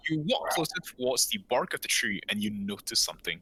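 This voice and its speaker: A man's voice: fairly low pitch, sing-song, fast talker, bright, forceful tone, husky, low-quality recording. A man running a tabletop game as game master, patient and given to repeating reassurances. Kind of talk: narrating a tabletop game online.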